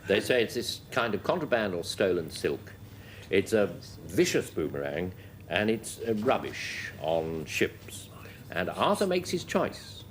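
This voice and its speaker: A man's voice: lowish voice, sing-song, a little slow, slight background noise. Dryly amused male quiz host. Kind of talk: hosting a panel game.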